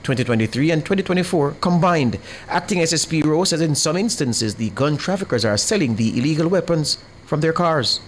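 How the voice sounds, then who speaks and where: Male radio newsreader, crisp. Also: fairly high pitch, brisk, few pauses, slight background noise. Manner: crisp, even news delivery. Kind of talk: scripted news reading.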